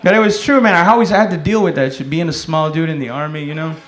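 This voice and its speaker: A man in his thirties doing stand-up, telling stories in a laid-back way, swearing often and shouting the lines of other people. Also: on the high side, fast, crowd noise, noisy background. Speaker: stand-up comedian. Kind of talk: stand-up comedy set. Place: comedy club stage. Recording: echoey comedy club with loud laughter.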